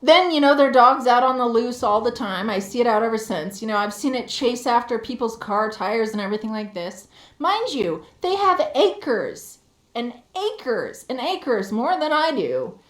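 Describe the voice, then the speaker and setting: A woman streamer telling a story in a heated, profane, animated rant. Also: on the high side, normal speed, roomy sound. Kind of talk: casual ranting storytelling.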